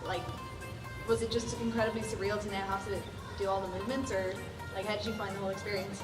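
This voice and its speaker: A woman's voice: mid-range voice, little pitch movement, fast, over loud music. A woman in the audience asking a question, hesitant and full of fillers. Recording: echoey hall recorded from far off.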